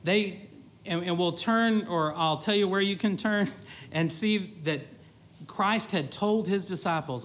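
A man with a notably high voice preaching a sermon. He grows animated, quotes scripture in old-fashioned wording, and keeps checking in with his listeners. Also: moderate pace. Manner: animated preaching, with rising excitement and repeated asides to the congregation; quotes scripture in older King James wording.

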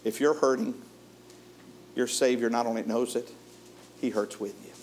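A man preaching a sermon in a folksy way, chuckling often and moving between lively and hushed delivery. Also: mid-range voice, moderate pace, slight background noise.

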